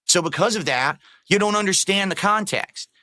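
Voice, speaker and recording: A man's voice: high voice, animated, moderate pace, bright, forceful tone, dry recording. A man in a played clip ranting with exasperation and swearing about fighting games. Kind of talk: ranting commentary.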